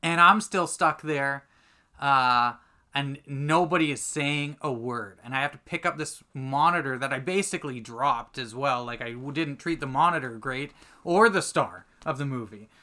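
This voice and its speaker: A man telling a lively anecdote as a guest on a casual podcast, full of fillers and restarts. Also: mid-range voice, moderate pace. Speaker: podcast guest, commercial content producer. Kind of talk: casual storytelling chat.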